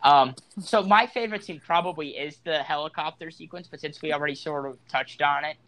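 A fairly high-voiced man hosts a relaxed movie podcast, steering the talk and gushing about favorite scenes. He sounds casual and eager. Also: a little fast. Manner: enthusiastic, leads the discussion. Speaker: podcast host. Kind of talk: casual movie review chat.

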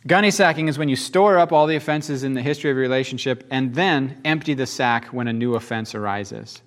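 A man's voice: medium pitch, brisk. A man preaching a sermon in a folksy, conversational way, often asking the congregation rhetorical questions. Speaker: pastor.

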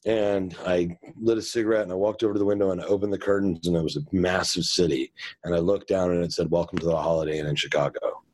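A man's voice: sits low, steady tone, quick pace, darkish tone. A man in an interview, frankly telling a personal story in a plainspoken way, often correcting himself mid-sentence. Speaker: guest.

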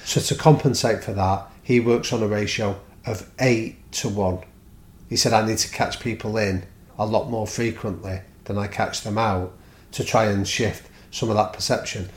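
A man's voice: on the low side, moderate pace. A man, a podcast guest who tells stories and acts out the people he quotes. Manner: animated storyteller, acts out quoted exchanges. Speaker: guest speaker on culture and leadership. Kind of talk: podcast conversation. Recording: roomy echo.

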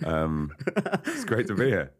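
With a low, breathy-edged voice whose pitch swoops wildly, this man speaks a little slowly. A singer-songwriter on a podcast, he rambles through a casual studio interview and laughs often.

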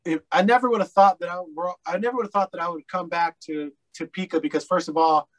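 A man's voice: sits high, fairly even intonation, fast talker, fairly bright tone, low-quality recording. A man from Colorado, a podcast guest telling his story in a candid, rambling way, with lots of fillers and blunt swearing. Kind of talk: casual storytelling interview.

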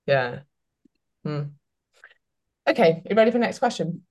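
A woman's voice: deep voice, expressive, moderate pace, long pauses. A woman hosting a podcast, chatting casually with lots of "like" fillers and reading out listener questions. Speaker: podcast host.

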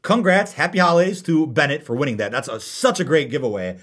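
A man hosting a casual podcast, reading out viewer comments and answering them in a lively way. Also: a little high. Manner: fast, animated, reads viewer comments aloud. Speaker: podcast host.

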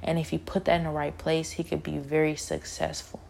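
A woman's voice: sits low, level tone, fairly quick, creaky, darkish tone, slight background noise. A woman telling a personal spiritual testimony in an earnest, emotional way, often repeating her words.

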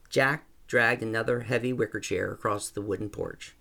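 Man reading a story out loud, calm and even, gravelly voice. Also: lowish voice, moderate pace. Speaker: narrator. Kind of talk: first-person story reading.

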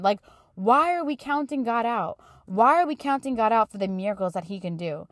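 A woman hosts her podcast with spontaneous, heartfelt faith talk, urging her listeners on. Her voice sits at an ordinary middle pitch and turns tearful at times. The sound is dry and close to the mic. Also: lively intonation, a little fast, no room sound. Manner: emotional, earnest, preaching to listeners. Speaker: podcast host.

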